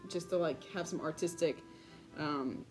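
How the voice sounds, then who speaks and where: A young woman in a casual vlog, bubbly and giggly, filling her story with "like" and laughter, excited and caffeinated. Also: low voice, a little slow, over music. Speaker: vlogger.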